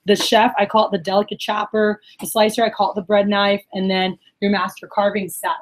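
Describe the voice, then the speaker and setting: A woman's voice: mid-range voice, brisk, slight background noise, low-quality recording. Chatty woman leading a sales workshop. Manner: chatty and energetic, quizzes the room, acts out customers. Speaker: sales trainer. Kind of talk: workshop teaching talk. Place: meeting room, in front of a group.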